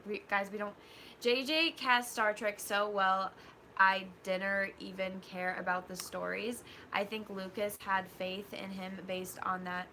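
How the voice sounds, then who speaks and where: A woman's voice: medium pitch, level tone, measured pace, sharp tone, a little hiss or hum. A woman co-hosting a casual live-stream chat, blunt and opinionated. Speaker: podcast co-host.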